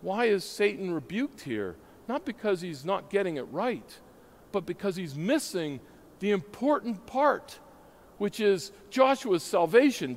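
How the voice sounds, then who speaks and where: A man preaching a sermon, emphatic and asking his listeners questions as he teaches. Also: sits high. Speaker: pastor. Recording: hall reverb.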